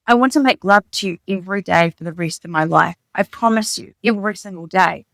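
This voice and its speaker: This is an eager, playful young man who turns earnest and pours his heart out in a steady stream. A woman reads him aloud in a lower voice, keeping him only a little lifted. The sound is close and dry with no room around it. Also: gravelly, dry recording. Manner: earnest, gushing, rapid declarations.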